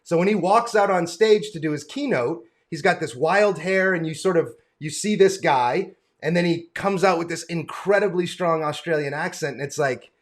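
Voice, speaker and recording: A man's voice: on the high side, moderate pace, hardly any pauses. An American man hosting a casual video-call interview, enthusiastic and friendly, calling his guest brother and man. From United States. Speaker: interview host.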